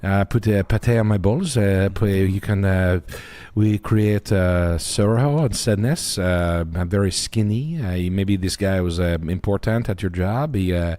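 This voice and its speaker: A man putting on a halting foreign character who speaks broken English full of hesitations. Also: deep voice, mellow, no room sound. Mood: deadpan. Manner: slow broken English, constant ums. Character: halting foreign man with a French guy bit.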